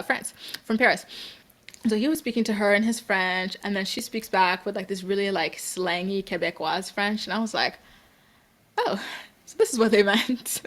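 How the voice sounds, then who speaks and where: A woman's voice: mid-range voice, fairly bright tone. A young woman from Canada hosting a casual livestream, chatting upbeat with viewers and peppering her talk with "like" and "girl". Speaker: livestream host. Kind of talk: casual chat reading viewer comments.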